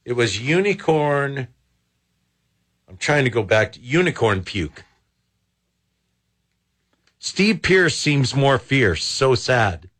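A man's voice: mid-range voice, big pitch swings, slow pace, pauses often, a bit bright. A man hosting a talk radio show, riffing aloud in a jokey, sarcastic way. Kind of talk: casual talk radio chat. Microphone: studio microphone.

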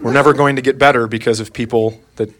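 A man's voice: medium pitch, fairly even intonation, quick pace, very noisy. A man and father doing stand-up comedy, telling a wry, blunt story on a club stage.

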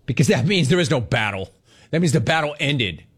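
A man hosting a sports talk show, giving opinionated commentary with animated delivery, mocking mimicry and frequent laughs. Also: on the high side, fairly quick, husky.

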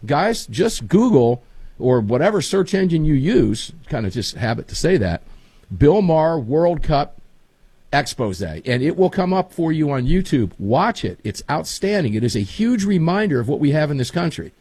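Man host, folksy chat, husky voice with lively pitch. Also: normal speed, dry recording. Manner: folksy, animated storytelling. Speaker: show host. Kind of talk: casual talk show banter.

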